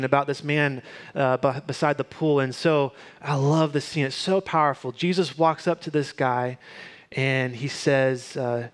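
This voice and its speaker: Male pastor, slightly high voice, conversational sermon that moves from hushed to urgent.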